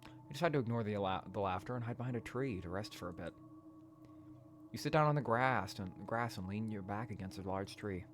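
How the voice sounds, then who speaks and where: A man reading a horror dating game aloud in a quiet voice, breaking into loud, profane rants between passages. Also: lowish voice, brisk, a little hiss or hum. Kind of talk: let's play narration and commentary.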